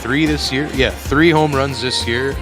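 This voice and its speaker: A man calls a baseball game in a relaxed, chatty way, full of fillers and restarts. His voice sits at a medium pitch. Music plays clearly behind him. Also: a little slow. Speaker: play-by-play commentator. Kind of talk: casual sports commentary.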